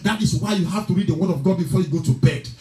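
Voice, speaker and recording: A man with a very high voice delivers a sermon in a fervent, chanting style, now praying in tongues, now declaring blessings. He sounds like he is in an echoey room, with music playing softly behind him. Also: racing. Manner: speaks in tongues between prayers. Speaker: preacher. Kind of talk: sermon and prayer. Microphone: livestream.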